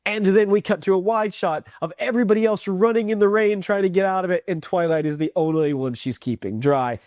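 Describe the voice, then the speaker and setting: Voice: mid-range voice, brisk, a little mellow, dry recording, studio quality. A reviewer in a casual video review who talks enthusiastically, rambles and acts out quotes.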